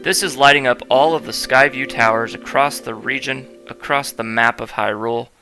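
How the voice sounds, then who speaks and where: A man hosting a let's-play, with a gravelly, bright voice and a playful, jokey manner that keeps talking to viewers. Faint game music plays behind him. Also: mid-range voice, normal speed. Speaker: gaming host.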